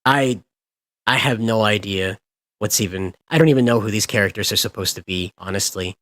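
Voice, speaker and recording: A man's voice: lowish voice, a little fast, fairly bright tone. A man hosting a livestream, ranting in a sarcastic, sweary, exasperated way. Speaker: livestream host. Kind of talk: casual ranting stream commentary.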